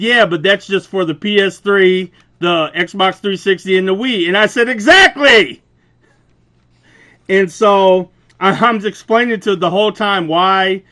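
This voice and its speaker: A young adult man with a loud, booming voice retells a store argument in a casual, profane, animated way, laughing as he goes. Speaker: vlogger. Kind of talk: casual storytelling rant.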